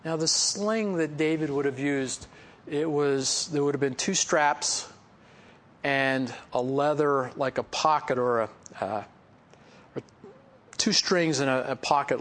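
A male pastor with a slightly high, somewhat bright voice delivers a relaxed sermon full of stories. Teaching from a Bible passage, he adds folksy asides and chuckles, laughing at his own anecdotes in a conversational way.

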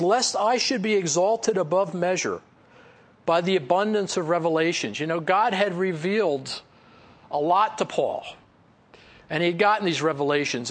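A male preacher delivers a sermon in a relaxed, conversational tone, often dropping in "you know." His voice sits a little high and has a gravelly edge. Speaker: pastor.

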